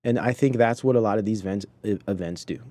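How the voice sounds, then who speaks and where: Male podcast host, preachy and indignant, with a low, dark voice. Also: fast talker, dry recording. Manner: preachy, indignant, talks to chat. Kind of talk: commentary on clips.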